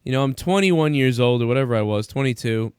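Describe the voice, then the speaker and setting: A man in his thirties tells a bar story in casual chat and swears freely. He acts out the other people's lines as he goes. His voice is smooth and resonant, and the sound is dry and close. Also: medium pitch, fast, dry recording. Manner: profane, animated storyteller acting out quotes. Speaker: podcast host.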